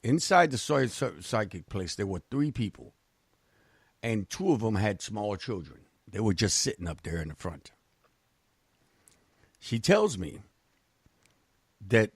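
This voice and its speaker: A man with a slightly husky voice chats bluntly on a radio show, his pitch swinging widely as he tells stories. The sound is close and dry, with no room echo. He swears freely and keeps a loose, casual manner. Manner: blunt, animated storytelling with profanity. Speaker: co-host.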